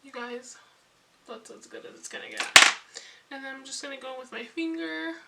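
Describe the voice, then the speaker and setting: A young woman vlogging casually to camera, flustered and rushed, laughing at herself. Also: high-pitched, vocal fry, far from the mic, very noisy. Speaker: beauty vlogger.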